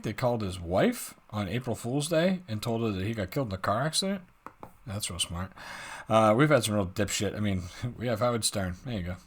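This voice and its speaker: An American man hosting a reaction video, commenting casually with joking, self-deprecating asides. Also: lowish voice. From United States.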